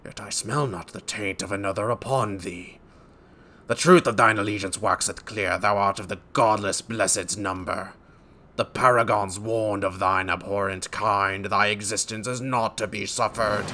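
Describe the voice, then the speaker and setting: A man's voice: fairly low pitch, steady tone, moderate pace, sharp tone. A man voicing a wrathful fire god who proclaims in archaic speech. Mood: menacing.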